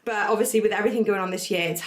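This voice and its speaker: Walking between rooms of her house, a pregnant young woman vlogs to camera in a bubbly, giggly casual chat, racing along in a mid-range voice and sometimes running short of breath. The rooms give the audio an echo.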